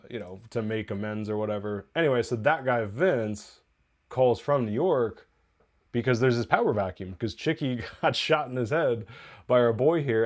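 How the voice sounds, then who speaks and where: On his TV review podcast, a man with a low, slightly mellow voice gives a casual, chatty recap of an episode. He rambles, fixes his own mistakes and laughs frequently.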